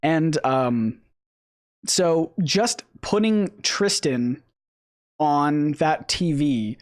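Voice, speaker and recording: A man's voice: a little high, expressive, extremely slow. Rambling man hosting a chill stream. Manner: rambling, many restarts and fillers. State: losing his voice. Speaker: host. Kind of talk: casual stream chat.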